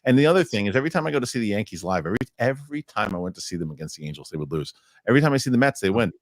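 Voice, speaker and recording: A man's voice: fairly low pitch, very fast, no room sound, studio quality. A man co-hosting a live entertainment news show, joking and rambling in casual chat and reading news aloud. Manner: animated, joking, rambling asides.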